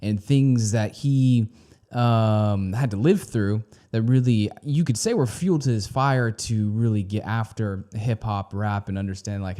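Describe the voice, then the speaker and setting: A man with a fairly low, dark, mellow voice hosts a music reaction video. He speaks casually and hesitantly, thinking aloud with frequent pauses and restarts. He often turns to ask his viewers questions. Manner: asks the viewers questions directly.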